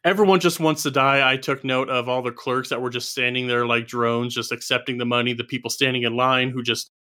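A man's voice: medium pitch, fairly even intonation, brisk, bright, forceful tone. A man co-hosting a casual film review podcast, talking through his notes with dry, sardonic humor. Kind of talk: casual chat.

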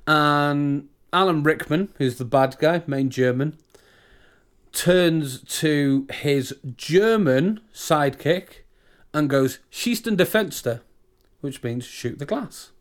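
A man's voice: a little high, slow pace. A British man co-hosting a podcast in casual chat, ranting and often restarting his sentences. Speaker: podcast co-host.

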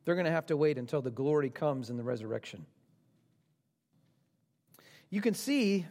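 Earnest preaching man, slightly high voice. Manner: earnest preaching, rising to emphatic then dropping soft and low; conversational asides and rhetorical questions. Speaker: pastor. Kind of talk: sermon.

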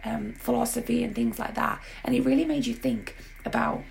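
A woman's voice: a little high, steady tone, a little fast, creaky, a little hiss or hum. A woman with a sore throat co-hosting a podcast, chatting casually and animatedly about TV shows. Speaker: podcast co-host. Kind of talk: casual chat.

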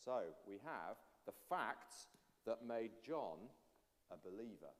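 Man preaching with lively pitch. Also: slow pace. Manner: animated storytelling, addressing children. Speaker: pastor. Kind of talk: all-age sermon with children. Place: church. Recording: long church reverb.

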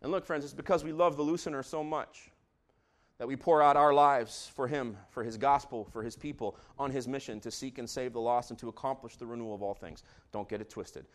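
A man preaching a sermon with great passion, moving between hushed, intimate lines and loud shouts. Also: medium pitch, steady tone, a little fast. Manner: impassioned, swings from hushed to shouting. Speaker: pastor.

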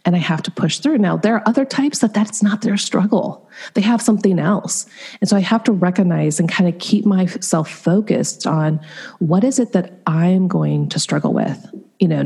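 A woman's voice: on the low side, vocal fry, slightly rough. A middle-aged woman, a coach being interviewed, telling her story candidly and with animation, with plenty of "um" and "like". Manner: candid, animated, frequent fillers. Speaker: Enneagram coach and guest.

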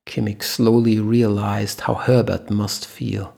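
Gravelly low-voiced male narrator. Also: a little slow. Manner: steady storytelling. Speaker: audiobook narrator. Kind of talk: scripted narration.

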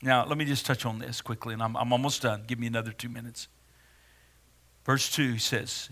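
Dramatic preacher man with a bright voice. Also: medium pitch, steady tone, moderate pace. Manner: dramatic, swings from hushed to loud. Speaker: pastor. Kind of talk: sermon.

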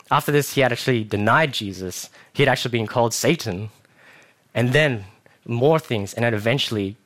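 A young man giving a sermon in a church, casual and animated, acting out quotes as he tells the story. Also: mid-range voice. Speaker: preacher.

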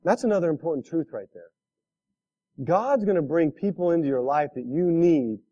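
Lively, high-voiced preaching man. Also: highs cut off. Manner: animated storytelling with laughs and direct questions. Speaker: pastor. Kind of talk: sermon.

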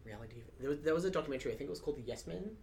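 Male co-host, mid-pitched, chatty and crude, light background hiss. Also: lively intonation, very fast, a little mellow. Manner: rambling, swears freely, many "like" fillers. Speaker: podcast co-host. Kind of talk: casual chat.

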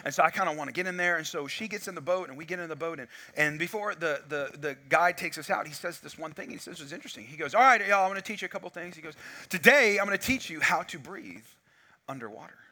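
A man's voice: fairly high pitch, fast. A man preaching a sermon, telling a story with lots of acted-out dialogue, on a wireless mic. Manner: animated storytelling, acts out dialogue. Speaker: pastor.

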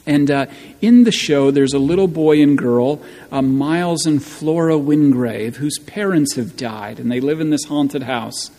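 A man preaching a sermon as pastor, slow and emphatic, with wry asides, in a church. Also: a little high, dark tone. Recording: long church reverb.

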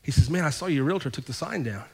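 A male pastor preaching a sermon, telling a personal story and acting out both sides of the conversations, then building to fervent, loud preaching. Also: a little high, expressive, fast, gravelly, slightly rough, big-room sound.

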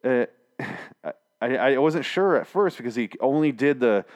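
A man's voice: mid-range voice, animated, moderate pace, a little mellow. A man hosting a casual, rambling TV episode recap, full of swearing and restarts. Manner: profane, rambling, frequent restarts.

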